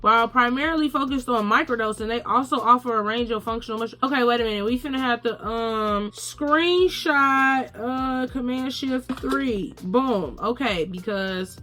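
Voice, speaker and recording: A woman vlogger reading answers aloud in a casual, animated way, with playful asides. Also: a little high, moderate pace, hardly any pauses.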